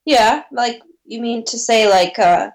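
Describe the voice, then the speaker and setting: A woman with a fairly high voice chats in a bubbly, animated way. She talks casually as a co-host. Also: slow. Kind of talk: casual chat.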